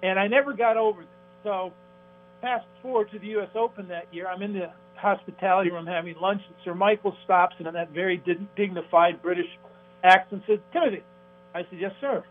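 A man calling in as a radio guest, telling a rambling golf anecdote with halting restarts and acting out the people in it. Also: high voice, fairly even intonation. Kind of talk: phone-in radio interview, anecdotal storytelling. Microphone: phone. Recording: tinny phone line with faint music.

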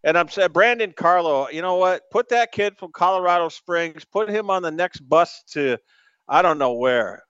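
A man's voice: sits high, expressive, moderate pace, fairly bright tone, clear, resonant tone, dry recording, muffled recording. A man hosting a call-in sports radio show, ranting in an emphatic, exasperated way. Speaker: sports talk radio host.

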